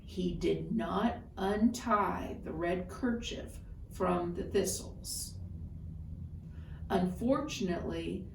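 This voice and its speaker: A woman storyteller telling a folktale in an expressive, deliberate way. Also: fairly low pitch, vocal fry, distant mic, slight background noise. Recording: roomy echo, voice off-mic.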